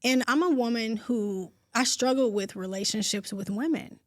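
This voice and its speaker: A woman in her forties co-hosting a podcast, talking in a heartfelt, open, expressive way. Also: a little high, moderate pace, dry recording, clean studio sound. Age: 40s. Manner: heartfelt and expressive, talks openly and at length. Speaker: podcast co-host. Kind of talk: casual podcast chat.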